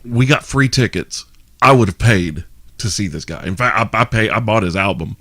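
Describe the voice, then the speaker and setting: A man co-hosting a podcast, telling a story in an animated, casual way. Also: on the low side, moderate pace, dry recording. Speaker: podcast co-host.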